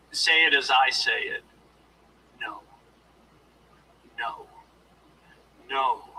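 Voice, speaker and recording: Man, former police officer, motivational lecture, deliberate and demonstrative, distant mic, faint room ambience. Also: medium pitch, pushed and bright, slight background noise. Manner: demonstrative, deliberate, coaching the audience. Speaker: former law enforcement officer turned speaker.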